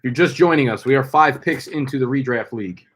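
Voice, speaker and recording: A young man hosting a casual live stream, loud and playful, hyping up names with slang and swearing. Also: mid-range voice, a little fast, breathy edge. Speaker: fantasy football streamer.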